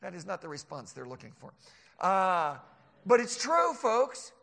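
A man preaching a sermon, animated, sometimes mimicking mocking scoffers. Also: high voice, unhurried, vocal fry. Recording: long hall reverb.

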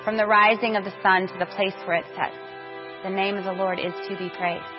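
A woman's voice: medium pitch, fairly even intonation, fairly quick. A woman reading scripture aloud in a solemn way at a church service. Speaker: scripture reader. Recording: muffled recording over music.

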